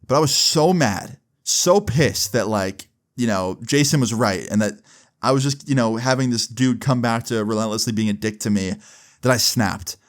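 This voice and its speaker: A man telling a personal story in a casual vlog, animated and profane, with sudden jumps in pitch. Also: normal speed. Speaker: storyteller vlogger.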